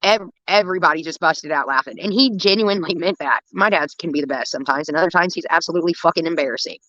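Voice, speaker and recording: Fast-talking, bright-voiced woman. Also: lowish voice, dry recording, muffled recording. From United States. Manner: rambling, profane, animated anecdotes about her dad. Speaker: livestream host. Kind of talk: casual storytelling.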